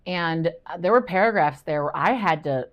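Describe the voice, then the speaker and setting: A woman's voice: fairly low pitch, animated, normal speed, lo-fi sound. A middle-aged woman reading tutor explaining reading skills in a chatty video lesson, correcting herself and thinking aloud as she goes.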